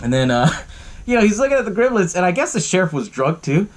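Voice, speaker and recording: A man's voice: high-pitched, sing-song, fast talker. A man hosting a podcast, casually recapping a movie, swearing often and laughing along. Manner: profane and laughing, lots of fillers. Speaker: podcast host.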